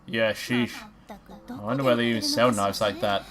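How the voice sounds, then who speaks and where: A woman's voice: a bass voice, steady tone, normal speed. A woman voicing a cheerful young woman while reading game dialogue aloud, speaking lightly and matter-of-factly. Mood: calm.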